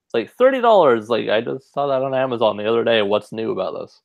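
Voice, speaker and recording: A man co-hosting a casual online chat, relaxed and quick to laugh. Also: mid-range voice, creaky, dry recording, lo-fi sound. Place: online video call.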